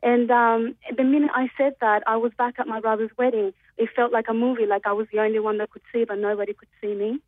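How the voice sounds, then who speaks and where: Speaking fast with few pauses, a woman with a fairly high voice and little pitch movement calls a radio show from Australia. She's nervous and tells her story with plenty of hesitant ums, over a tinny phone line with no room sound.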